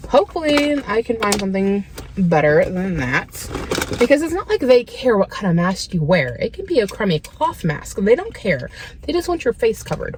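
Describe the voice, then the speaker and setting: Young female vlogger, exasperated rant, lively swooping pitch, mid-range voice, phone in a parked car. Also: slight background noise. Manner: animated, exasperated ranting, mocking quoted voices. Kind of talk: casual ranting vlog.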